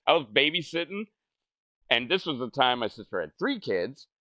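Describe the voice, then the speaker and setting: A man's voice: mid-range voice, very animated, normal speed, pushed and bright, dry recording. A young man casually telling a rambling, profane story over gameplay, laughing and mimicking the people he quotes.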